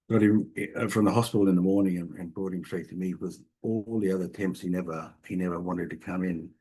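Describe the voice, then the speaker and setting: A middle-aged man with a slightly low, husky voice tells stories from his work as a family doctor. He talks in an easygoing, jokey way, often stopping and restarting his sentences. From Tonga. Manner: warm, jokey storyteller with frequent restarts. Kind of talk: storytelling interview talk.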